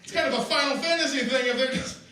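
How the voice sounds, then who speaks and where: High, bright-voiced stand-up comic man. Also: quick pace. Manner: rambling, absurd, excitable delivery. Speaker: stand-up comedian. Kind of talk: stand-up comedy set. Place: live comedy festival stage. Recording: echoey live venue, heard from a distance.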